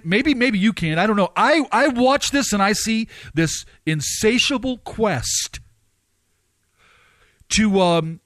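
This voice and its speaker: A man preaching and commenting, firing off rhetorical questions with his pitch swinging up and down. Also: fairly bright tone, no room sound.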